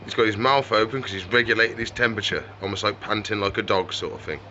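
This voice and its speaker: Man, chatty, talks to his animals, bright voice, faint background hum. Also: on the low side, quick pace, muffled recording. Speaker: reptile shop owner. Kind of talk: casual vlog chat.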